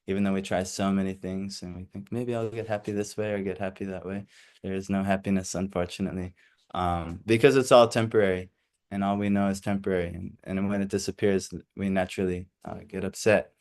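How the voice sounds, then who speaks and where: A man reads scripture aloud to a small class in a measured voice. He drifts into relaxed asides full of fillers. He sounds hesitant over Sanskrit recitation. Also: sits low. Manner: reads steadily, then slips into casual asides with fillers. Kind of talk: reading scripture aloud and explaining it.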